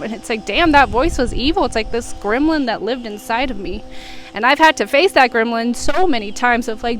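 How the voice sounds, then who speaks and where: A young American woman speaks in a soft, reflective confessional tone, wandering from thought to thought. Her voice sits a little high, and faint music plays underneath her home vlog. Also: moderate pace. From United States. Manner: reflective, rambling, soft-spoken. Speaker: vlogger. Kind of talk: emotional confessional monologue.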